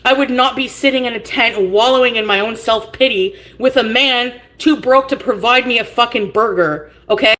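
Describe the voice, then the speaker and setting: A woman's voice: on the high side, moderate pace, hardly any pauses, fairly bright tone. A woman livestreaming from home, greeting chatters by name and ranting bluntly with plenty of cursing. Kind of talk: livestream rant reading chat.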